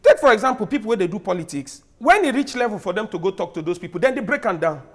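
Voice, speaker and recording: Loud, animated Nigerian man debating. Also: sits high, quick pace. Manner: loud, emphatic, laughing asides. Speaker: debate guest.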